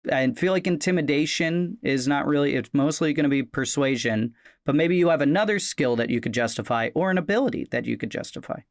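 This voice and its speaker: A man running a tabletop role-playing game as game master, explaining the rules in a relaxed way with plenty of fillers. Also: a little high, a little fast, few pauses, dry recording, studio quality.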